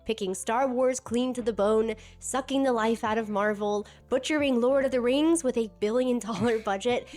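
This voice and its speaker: A woman with a slightly hoarse sick voice, reading a scripted commentary with wry sarcasm. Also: a little high, moderate pace, few pauses, darkish tone. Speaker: video essayist.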